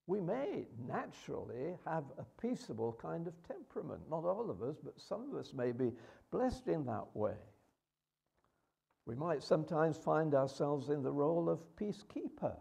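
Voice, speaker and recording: Gravelly-voiced male preacher. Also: a little high, mellow. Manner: conversational, with rhetorical questions and fillers. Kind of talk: sermon.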